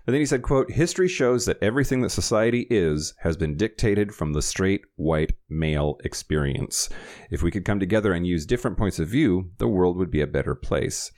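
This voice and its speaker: Deep-voiced man hosting a news rundown. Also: lively intonation, brisk, darkish tone. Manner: reads news items with wry asides and laughs. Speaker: podcast host.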